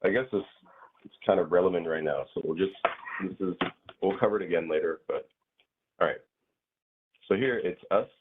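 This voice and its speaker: A man's voice: low voice, normal speed, long pauses, very noisy. A man teaching a grammar class in a casual way, hesitant and full of fillers and restarts. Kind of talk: casual online class explanation. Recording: tinny phone-like line.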